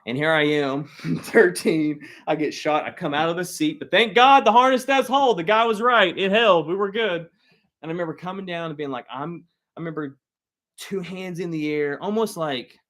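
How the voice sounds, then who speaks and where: Male storyteller with a slightly high voice, comic and self-mocking, speaking to a live crowd. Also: normal speed. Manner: animated, self-mocking, acts out loud quoted lines. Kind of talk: comedic personal storytelling.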